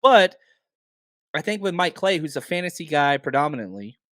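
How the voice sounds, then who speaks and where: Guy ranting on his sports podcast, kinda hoarse, higher voice, dead dry sound. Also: dry recording. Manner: animated, rapid-fire rhetorical questions. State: slightly hoarse from talking. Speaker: podcast host. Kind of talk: casual sports talk.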